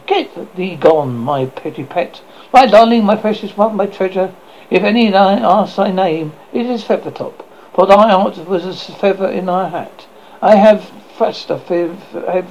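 Mother Rigby, a man doing a shrill old witch. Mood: fond. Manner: sharp high tone. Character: cackling old witch woman, doting and fussy. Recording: dull lo-fi with faint noise.

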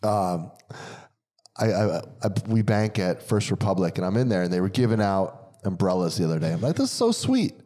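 A man's voice: deep voice, fairly quick. A man co-hosting a casual podcast chat, talking emphatically and repeating words for stress as he tells stories. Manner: animated storytelling. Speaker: podcast co-host.

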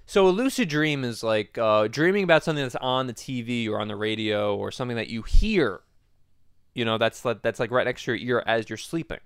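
A man's voice: medium pitch, lively intonation, fairly quick, smooth, no room sound. A young man teasing his grandmother in casual chat, exasperated and swearing freely.

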